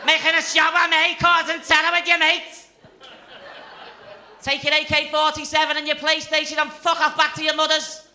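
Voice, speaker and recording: A man playing a furious young Liverpool woman on a comedy club stage, yelling at her man in a shrill Scouse accent. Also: completely flat delivery, moderate pace, some chatter behind, heavily acted.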